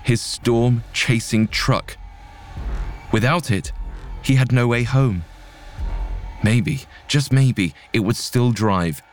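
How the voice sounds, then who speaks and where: A man narrating a scripted story in a measured, dramatic way. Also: mid-range voice, soft background music.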